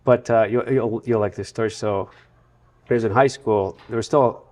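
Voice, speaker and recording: A man from the United States, a guest in a casual interview, telling long run-on anecdotes with a relaxed storytelling manner. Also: fairly low pitch, normal speed. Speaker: podcast guest.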